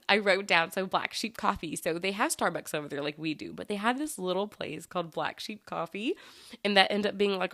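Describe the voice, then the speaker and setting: A woman's voice: fairly low pitch, a bit bright, no room sound, studio quality. A woman hosting her own podcast in a casual, enthusiastic, rambling chat full of fillers. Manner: chatty and rambling, with many fillers and restarts; enthusiastic, gushing. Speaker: podcast host.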